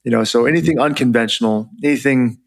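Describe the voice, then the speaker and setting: Male guest, mid pitch, relaxed storyteller, loose and chatty. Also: fast talker, creaky. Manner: relaxed, chatty, many fillers. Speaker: guest, former Army officer. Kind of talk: interview storytelling.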